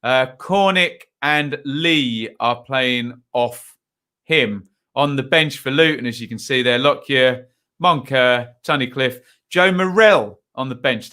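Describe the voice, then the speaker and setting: Bright-voiced English man chatting football. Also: medium pitch. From England. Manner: chatty, reads out team lineups and viewer comments, many ums. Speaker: football channel host. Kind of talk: live-stream football chat.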